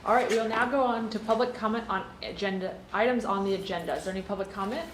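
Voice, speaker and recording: A woman board member calling roll and moving the meeting along, brisk and procedural. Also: medium pitch. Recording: echoey room with background noise.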